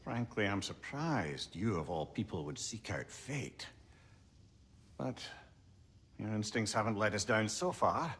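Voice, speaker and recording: An actor playing a measured, dry-spoken male companion in a video game. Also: lowish voice, animated, a bit bright, slight background noise.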